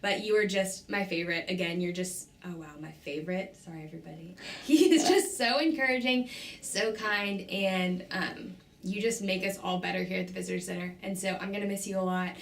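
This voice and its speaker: A young woman in her twenties speaks low and gravelly, gushing through heartfelt farewell tributes at a banquet. Her words carry warmth and near-tears, broken by little laughs and sighs. The room behind her is echoey, with a faint hum. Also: brisk. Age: 20s. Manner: gushing, warm, tearful, laughs between lines. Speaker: student tour guide giving farewell tributes. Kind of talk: emotional speech at a banquet.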